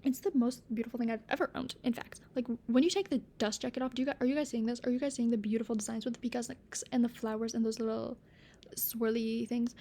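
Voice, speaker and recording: A young woman vlogging about books in a casual, gushing way, giggling often and sometimes dropping to a soft near-whisper. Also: a little high, fairly even intonation, fast talker. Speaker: book vlogger. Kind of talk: casual chat to camera.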